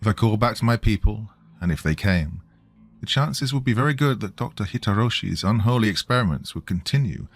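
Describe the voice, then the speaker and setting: A man reading a scripted horror story in a measured, grave manner. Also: on the low side, animated, soft background music. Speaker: narrator.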